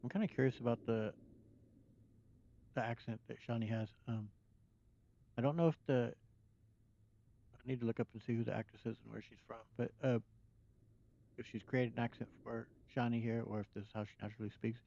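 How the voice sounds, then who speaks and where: A man's voice: mid-range voice, steady tone, brisk, gravelly, pauses often, dark tone. An American man giving casual game commentary, rambling and hesitant as he talks over gameplay. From United States. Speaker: let's play commentator. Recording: dull lo-fi mic over game music.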